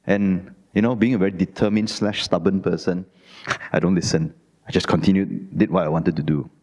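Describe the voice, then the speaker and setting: A middle-aged Malaysian man with a Malaysian English accent, giving a Dhamma talk as an animated, self-mocking storyteller. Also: deep voice, a little fast, in a large hall. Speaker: Dhamma speaker. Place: Buddhist society hall.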